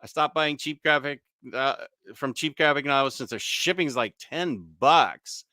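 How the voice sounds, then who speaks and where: Bright, clear-voiced man hosting a stream. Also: a little high, unhurried, no room sound, studio quality. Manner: easygoing, chatty, with frequent fillers and mild self-corrections. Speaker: live stream host. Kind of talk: casual live-stream chat, reading viewer comments.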